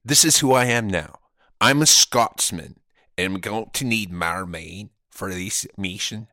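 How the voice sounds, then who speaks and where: A man's voice: lowish voice, measured pace, pushed and bright, no echo, studio quality, pitched below the performer's own voice. A man putting on a mock Scottish accent to play a boastful, theatrical fake Scotsman sailor. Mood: blustering.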